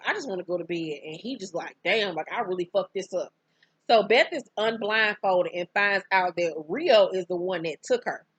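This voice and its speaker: A woman's voice: medium pitch, pushed and bright, breathy edge, no echo. A woman recapping a TV episode in a casual, slangy, profane way, acting out the characters' lines as she goes.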